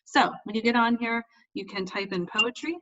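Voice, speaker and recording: A woman's voice: fairly high pitch, moderate pace, a bit bright, highs cut off. A female teacher giving step-by-step directions in a recorded online lesson.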